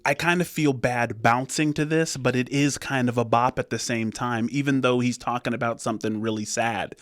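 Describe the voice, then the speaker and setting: A man's voice: mid-range voice, steady tone, normal speed, dry recording. A man hosting a music reaction channel, chatting casually to his viewers and often checking in with them. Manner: conversational, often checks in with "right?".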